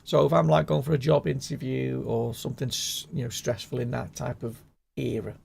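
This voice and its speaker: A man's voice: mid-range voice, level tone, a little fast, creaky, darkish tone, a little hiss or hum. A man hosting a casual live gaming stream, chatting and rambling with his viewers in a bantering way. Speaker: gaming livestream host.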